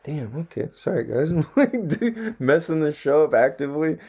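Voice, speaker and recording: A man's voice: on the high side, sing-song, normal speed, mellow, husky. A man hosting a casual solo podcast, talking in a laid-back, slangy and profane way and laughing often. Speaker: podcast host.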